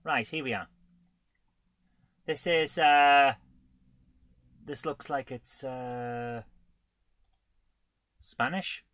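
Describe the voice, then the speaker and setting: A man's voice: mid-range voice, fairly even intonation, drawn-out words, pauses often, a bit bright. A man in his forties hosts a live retro gaming show, chatting casually in a rambling, self-deprecating way with chuckles. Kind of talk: casual livestream chat.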